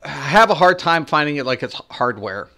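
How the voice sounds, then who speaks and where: A man's voice: fairly high pitch, lively intonation, moderate pace, bright, forceful tone. A man giving casual, rambling gameplay commentary, swearing and complaining as he plays. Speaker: gaming streamer.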